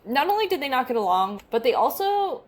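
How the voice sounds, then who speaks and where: A woman's voice: sits high, very animated, fairly quick. A young adult woman co-hosting a podcast, chatting casually and reading from her notes, self-deprecating and stumbling over names. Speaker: podcast co-host.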